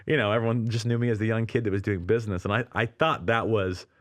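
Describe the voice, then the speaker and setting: Animated man telling a story. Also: on the low side, fast, no echo. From Canada. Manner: animated storyteller, acts out quoted dialogue, laughs often. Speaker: ministry leader, guest. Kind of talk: storytelling in a conversational interview.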